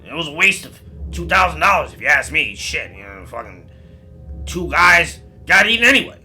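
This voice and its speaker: A man voicing a greedy, complaining male demon sidekick who whines loudly and swears. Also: fairly high pitch, sing-song, normal speed, faint music behind, pitched above the performer's own voice, heavily acted. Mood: shouting gripe. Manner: loud, whining, swearing.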